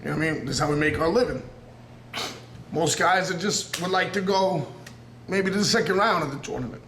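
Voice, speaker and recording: New York wrestler in his 30s, earnest, rambling promo, fairly high voice, roomy sound. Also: brisk, fairly bright tone, a little hiss or hum. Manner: earnest and intense, rambling, circling back on himself. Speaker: professional wrestler. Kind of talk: raw unscripted wrestling promo interview. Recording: roomy echo.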